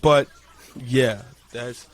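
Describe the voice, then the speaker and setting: A man co-hosting a podcast in casual chat, blunt and profane, often talking in quick bursts. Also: mid-range voice. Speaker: podcast co-host.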